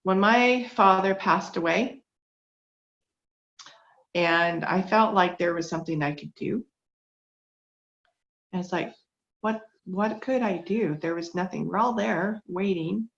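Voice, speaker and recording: A woman's voice: mid-range voice, takes it slowly, gravelly, pauses often, a bit bright. Earnest woman, dull lo-fi sound. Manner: emotional, earnest, fights back tears with small laughs. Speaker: speaker sharing a testimony. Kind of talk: heartfelt faith-based talk. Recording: dull lo-fi recording.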